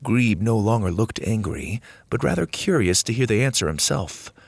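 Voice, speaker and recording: A man reading a children's adventure story aloud in slow, measured narration. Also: lowish voice, animated, vocal fry, slightly rough, dry recording. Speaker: audiobook narrator.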